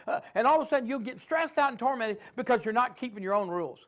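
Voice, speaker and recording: A man preaching a sermon as pastor, animated, acting out quick voices and asides to the congregation. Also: very high voice.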